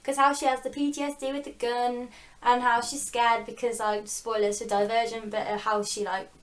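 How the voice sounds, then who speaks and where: A young woman co-hosting a book vlog, animated and exasperated as she mock-quotes characters. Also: fairly high pitch, moderate pace, slight background noise. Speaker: book channel co-host. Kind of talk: casual chat.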